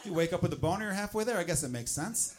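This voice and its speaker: A man doing a stand-up comedy set, sliding into loud, mocking quoted rants. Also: high-pitched, expressive, rapid-fire, background noise.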